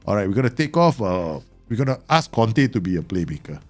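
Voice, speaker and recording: A man streams a football management game and reacts out loud, teasing and exclaiming as he goes. His voice sits low but jumps around a lot in pitch. Faint music plays under him. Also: fairly quick. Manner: excitable, bursts into exclamations and teasing remarks. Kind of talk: live gameplay commentary.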